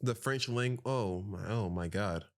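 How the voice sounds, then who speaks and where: A man from Louisiana co-hosting a podcast, chatting in an animated, teasing way with frequent laughs. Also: lowish voice, measured pace. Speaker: podcast co-host. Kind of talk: casual chat.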